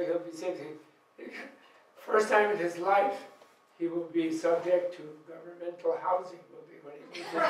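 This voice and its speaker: Captured by a distant mic in an echoey hall, a fairly high-voiced man leads a loose, informal dharma talk on retreat. The Buddhist teacher laughs a lot, telling lively stories and performing the voices of people he quotes.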